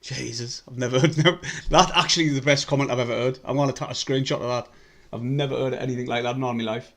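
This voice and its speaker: A young man, commenting live on a match for his stream. He swears a lot, mutters under his breath and breaks into excited bursts. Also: medium pitch, fast talker. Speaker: fan livestream host.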